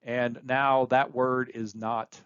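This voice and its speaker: A man's voice: medium pitch, level tone, takes it slowly, fairly bright tone, smooth, no echo, lo-fi sound. A man giving a recorded course lecture, explaining points plainly and repeating key phrases for emphasis.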